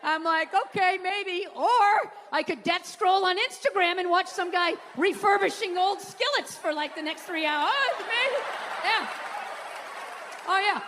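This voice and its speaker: A man's voice: extremely high pitch, pushed and bright, big-room sound, a little hiss or hum. A man in his fifties telling a blunt, profane story as a guest, acting out voices along the way. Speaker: comedian guest.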